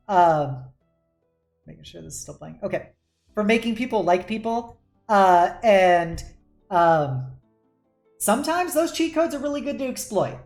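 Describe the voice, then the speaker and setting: A woman's voice: medium pitch, echoey room. A woman hosting a casual streamed panel as game master, chatting loosely with frequent laughs and casual swearing.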